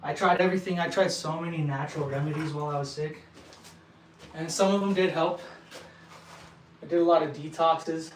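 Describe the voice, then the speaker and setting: Brief: young vlogger from El Paso, winded, earnest, slightly high voice, mic set back in a roomy space. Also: male voice, steady tone, slight background noise. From El Paso, Texas. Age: young adult. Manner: earnest, halting, with frequent restarts. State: short of breath. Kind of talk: casual talk to viewers. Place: indoor building site. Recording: echoey room, mic at a distance.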